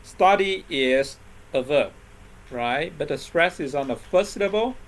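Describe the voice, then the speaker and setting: A man with a somewhat high voice leads an English lesson. He is patient and keeps checking in with "right?" and "okay?" as he explains each point. A faint background hum sits under his voice. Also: animated, unhurried. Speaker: English teacher. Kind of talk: classroom lesson explaining word stress.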